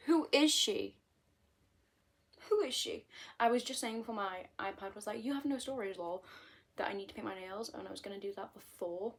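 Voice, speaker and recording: A young British woman rambles to the camera in a casual, self-deprecating monologue, recorded close on a tablet at home. Her pitch sits in the middle for a woman, and she skips from one small topic to the next. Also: gravelly, breathy edge. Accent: British English. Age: 20s. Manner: rambling, self-mocking, jumps between topics. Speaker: vlogger.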